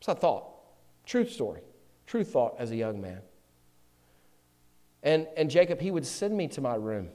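A man preaching a sermon, moving between loud, emphatic passages and quiet, close asides. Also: mid-range voice, sing-song, measured pace, pauses often. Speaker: pastor. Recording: long hall reverb.

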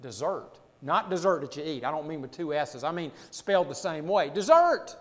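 A man with a high voice preaches a sermon, his words hanging in the long reverb of a big church sanctuary. He swings from loud, emphatic lines to hushed, low asides, repeating key words for weight. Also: fairly quick. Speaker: pastor.

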